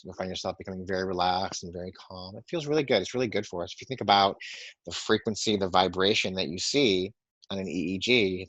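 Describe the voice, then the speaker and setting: Breathing and toning instruction comes from a deep-voiced male teacher of meditation and sound healing, who counts slowly in a calm, gentle tone. His webinar microphone gives a muffled, dry recording free of echo.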